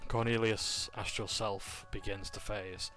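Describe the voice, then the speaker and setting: Bright-voiced man recapping a tabletop game. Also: fairly low pitch, flat delivery, measured pace, faint music behind. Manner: casual, with fillers, jokes and self-corrections. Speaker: player recapping a session.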